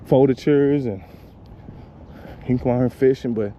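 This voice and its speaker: A man's voice: medium pitch, measured pace, mellow, slight background noise. Loose, rambling man on a park walk. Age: adult with kids. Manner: loose, rambling, profane, laughs at his own jokes. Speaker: vlogger. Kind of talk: casual walking vlog. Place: outdoors walking a lakeside park trail. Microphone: handheld phone camera.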